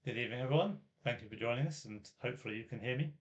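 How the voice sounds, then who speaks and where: A man's voice: medium pitch, very fast. A nasal-voiced man co-hosts a casual live stream from a small office. His audio comes through a dull, lo-fi replacement microphone, and he answers with dry, laughing comebacks. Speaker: co-host.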